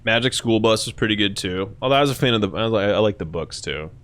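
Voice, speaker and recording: A young man with a fairly low voice hosts a live stream, chatting loosely and profanely. His delivery swings widely in pitch and often jumps into shrill mock voices. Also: animated, quick pace, fairly bright tone. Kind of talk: casual chat answering chat.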